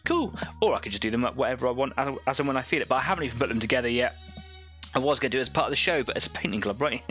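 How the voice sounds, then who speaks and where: A man's voice: medium pitch, sharp tone, dull audio. A man hosting a live painting stream, chatting casually, rambling and laughing at his own jokes.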